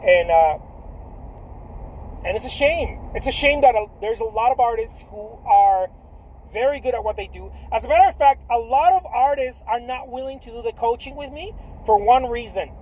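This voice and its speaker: A man coaching artists in a casual, blunt and profane pitch, repeating himself often with lots of restarts. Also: lively intonation, normal speed, darkish tone, poor audio. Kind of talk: casual direct-to-camera pitch.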